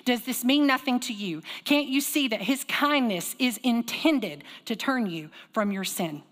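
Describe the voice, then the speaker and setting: A woman pastor preaching a sermon, telling stories with lively call-and-response. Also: fairly high pitch, measured pace, long reverb tail. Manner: animated storytelling with call-and-response. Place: church sanctuary.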